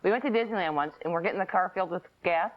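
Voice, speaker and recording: A woman's voice: on the low side, rapid-fire. A woman hosting a talk show, chatting and asking her guest questions. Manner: chatty, asks questions and jokes along. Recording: muffled old VHS tape.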